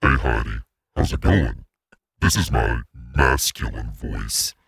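A booming, gravelly macho voice. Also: male voice, lively intonation, fairly bright tone, no room sound, heavily acted. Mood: mock macho. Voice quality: gravelly, very deep and slow. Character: comically macho deep-voiced man.

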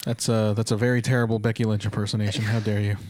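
A man's voice: on the low side, little pitch movement, quick pace, a little mellow, slight background noise. A man co-hosting a casual wrestling podcast with teasing, wry banter. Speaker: podcast co-host.

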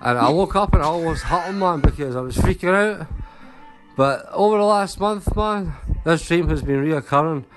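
A man's voice: fairly high pitch, normal speed, music in the background. A man with a Scottish accent, a regular caller telling a crude, drawling story and tagging his phrases with "man". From Scotland. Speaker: recurring caller. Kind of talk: rambling voicemail story.

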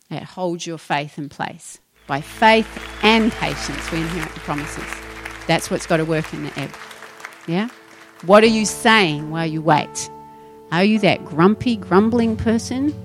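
A woman's voice: fairly low pitch, normal speed, music in the background, a crowd in the background. A woman preaching a sermon, firing rhetorical questions and acting out voices. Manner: animated, rhetorical questions, acts out quoted voices.

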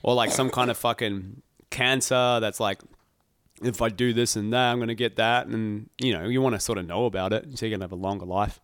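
A man's voice: lowish voice, fairly even intonation, a little fast, a bit bright, clear, resonant tone, no echo, clean studio sound. A young man co-hosting a podcast in casual chat, joking and swearing freely. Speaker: podcast co-host.

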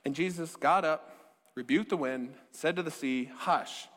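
Guy pastor preaching, kinda high voice, chatty and jokey, long echo in a big hall. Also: a little slow. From American Midwest. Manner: conversational, joking, animated storytelling. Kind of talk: sermon.

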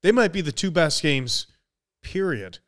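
A man's voice: fairly high pitch, very animated, unhurried, a bit bright. A man co-hosting a casual sports podcast, making emphatic, opinionated points and swearing for emphasis. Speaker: podcast co-host.

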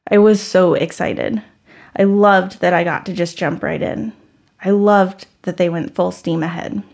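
A woman in her thirties telling a personal story in a candid, conversational, self-deprecating way. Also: medium pitch.

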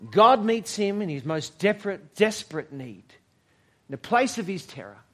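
A man preaching a sermon at a church service, measured and reflective, with dramatic pauses and moments where he drops almost to a whisper. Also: high voice, big pitch swings. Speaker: pastor.

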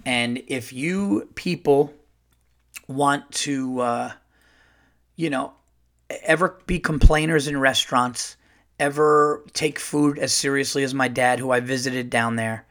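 A middle-aged man, a stand-up comedian hosting his own podcast, tells a loose, animated story full of fillers. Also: mid-range voice, slow pace. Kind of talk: casual solo podcast storytelling.

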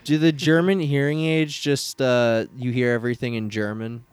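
A man co-hosts a casual comedy podcast, speaking at a middling pitch. He throws in deadpan jokes and mock-innocent questions in an offhand way. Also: normal speed, clean tone. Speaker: podcast co-host.

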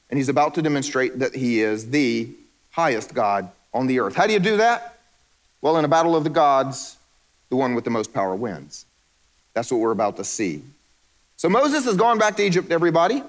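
A man preaching a sermon, animated and joking, who drops low and quiet for emphasis. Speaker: pastor.

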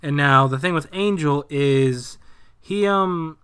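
A young man casually retelling a movie plot, animated and profane, dropping into quick voices for the characters. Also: a little high, smooth.

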